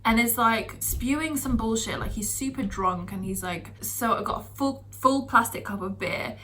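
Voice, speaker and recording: A young British woman vlogs about her year abroad in a chatty, animated storytelling style packed with fillers. Her voice is a little high and her pace moderate, with slight background noise.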